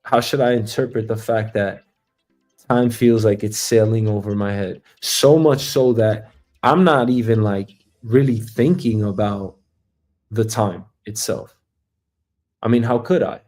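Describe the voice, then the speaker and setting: Rambling, reflective man with a mellow voice. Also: fairly low pitch, a little slow, soft background music. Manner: reflective, profane, rambling with many fillers. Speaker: show host. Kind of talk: casual rambling monologue.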